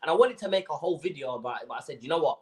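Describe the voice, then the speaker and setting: A young man with a slightly high voice rants in rapid-fire fashion while hosting a football fan livestream. He's animated and casual, heavy on slang, and he keeps repeating himself.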